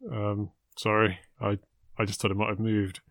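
A man co-hosting a comic chat, playful and halting as he sets up scenes. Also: on the low side, level tone, fairly bright tone, dry recording, clean studio sound. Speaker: podcast co-host.

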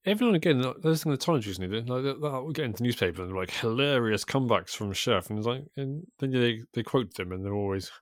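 A man's voice: mid-range voice, lively intonation, fast, hardly any pauses, no room sound. A man, co-hosting a podcast in casual chat, rambling and hesitant with dry understatement. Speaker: podcast co-host.

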